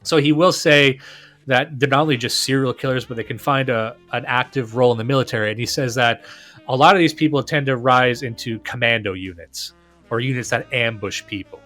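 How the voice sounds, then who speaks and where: A man's voice: mid-range voice, fairly quick, pushed and bright, soft background music. A man hosting a podcast, talking casually and enthusiastically, often restarting and repeating words. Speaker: podcast host.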